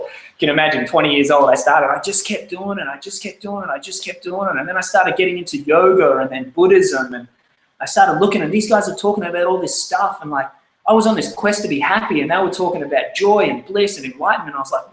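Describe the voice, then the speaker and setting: A man in his thirties with an Australian accent telling his life story, candid and lively as he acts out his younger self. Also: fairly high pitch, fast talker, echoey room, rough recording. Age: 30s. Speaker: speaker. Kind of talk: personal life story talk.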